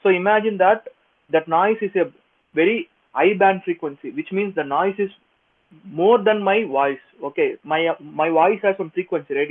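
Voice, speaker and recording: A man giving an online engineering lecture, halting and repetitive, often checking that students follow. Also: on the high side. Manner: halting, repetitive, checks in with "you got it, right?". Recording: tinny, phone-like lo-fi audio.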